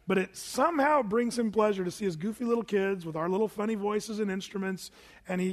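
A man's voice: high-pitched, a little fast, in a large hall. A man preaching a sermon as pastor in a conversational, folksy way, firing questions at the congregation. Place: church sanctuary.

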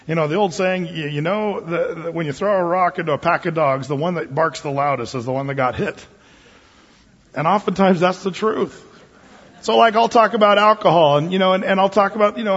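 A man's voice: on the high side, fairly bright tone, husky. A man, a pastor giving a conversational sermon in a folksy, plain-spoken way and often repeating words as he restarts. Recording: long hall reverb, dull lo-fi sound.

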